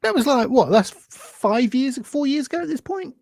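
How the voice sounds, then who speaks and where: A man's voice: extremely high pitch, lively intonation, normal speed, gravelly, a little mellow, dry recording. A man co-hosting a podcast, dry, teasing and blunt in casual chat. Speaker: podcast co-host.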